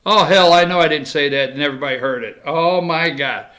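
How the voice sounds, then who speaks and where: High, bright-voiced male talk host. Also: a little fast. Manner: animated, sarcastic asides to producer. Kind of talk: casual commentary.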